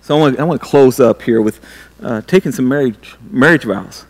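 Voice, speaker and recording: A man's voice: medium pitch, brisk. A middle-aged man preaching a sermon earnestly, often restarting and stumbling over his words. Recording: long reverb of a large hall.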